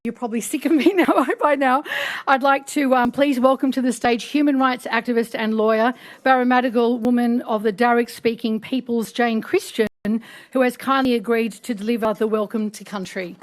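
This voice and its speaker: A woman's voice: fairly high pitch, steady tone, normal speed. Emotional woman MC telling a story. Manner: emotional storytelling with many fillers. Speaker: event MC. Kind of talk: speech at a public event. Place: parliament function hall.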